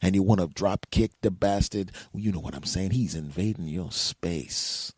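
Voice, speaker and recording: A man hosting a podcast, telling comic stories in an animated way, acting out voices and swearing often. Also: sits low, normal speed, husky, no room sound, studio quality. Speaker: podcast host. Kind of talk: comedic storytelling monologue.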